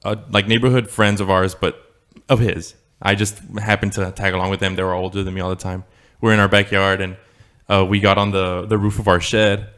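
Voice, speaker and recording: A man's voice: low-pitched, level tone, fairly quick, hardly any pauses, fairly bright tone. A young man co-hosting a podcast, telling a childhood story in a rambling, swearing, laughing way. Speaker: podcast co-host. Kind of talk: casual storytelling chat.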